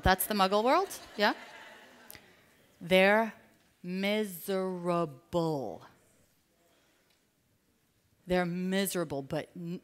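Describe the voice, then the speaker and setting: A woman business coach giving an energetic motivational seminar talk, drawing the audience in with call-and-response questions. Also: mid-range voice. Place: live event with an audience.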